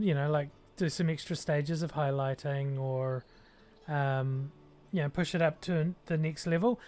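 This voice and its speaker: While working on miniatures during a stream, this New Zealander talks loosely, musing aloud with plenty of ums. Pitch is medium and the tone slightly mellow.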